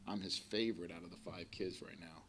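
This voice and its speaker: A man's voice: deep voice, fairly even intonation, a little fast, a bit bright, slight background noise. A man in his forties speaking at a recovery meeting, telling his story bluntly with plenty of swearing and a rambling flow. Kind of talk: personal recovery share to a live audience. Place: community center meeting room. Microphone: live recording of a talk to an audience.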